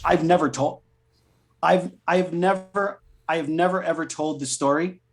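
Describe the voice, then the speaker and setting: Chatty middle-aged actor telling stories. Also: male voice, fairly high pitch, moderate pace. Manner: chatty, animated, swears freely. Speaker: guest voice actor. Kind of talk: casual storytelling interview.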